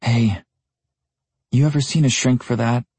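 A man's voice: low voice, a little slow, a little mellow, slightly rough, dry recording, voice pushed up. A man narrating an audiobook voices a breezy, teasing young woman who speaks in a light, casually airy way.

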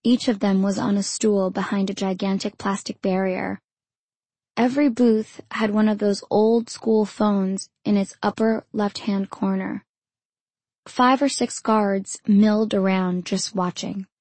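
A woman narrating her own memoir in the first person, in a measured, intimate storytelling manner. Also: medium pitch, steady tone, a little mellow, no echo.

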